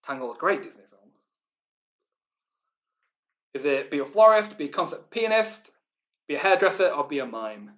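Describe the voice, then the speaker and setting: Running a live online pub quiz, a Northern English quiz host chats informally with plenty of ums before slowly reading out each question and repeating it. His voice sits on the high side, with a fairly bright tone, and he is very animated.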